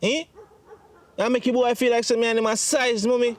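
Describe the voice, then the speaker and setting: A man's voice: very high voice, level tone, fairly quick, no echo. A man with a Jamaican accent, playing a grown son in a comedy skit who pleads with his mother about his money. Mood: reproachful. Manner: pleading, emotional.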